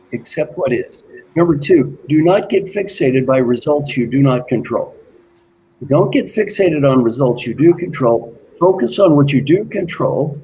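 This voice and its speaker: A man working as an executive coach, giving an earnest motivational talk and slowly repeating his key questions. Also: on the high side, darkish tone, slight background noise, rough recording.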